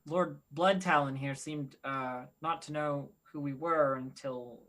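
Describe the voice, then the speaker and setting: A woman with a very low voice plays her character at a tabletop game. She speaks politely and calmly in character. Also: a little slow. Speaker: player. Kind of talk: tabletop role-play.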